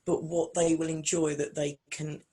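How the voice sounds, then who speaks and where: Animated storytelling woman guest. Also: sits low, moderate pace, breathy edge. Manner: animated storyteller acting out quotes. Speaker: guest, singer and vocal coach. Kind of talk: casual interview chat.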